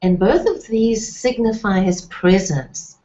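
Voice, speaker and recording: Slow, patient woman teaching Hebrew. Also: medium pitch, animated, mellow, highs cut off. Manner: patient, spells out letters and sounds, prays in Hebrew. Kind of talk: slow, deliberate Bible-language lesson.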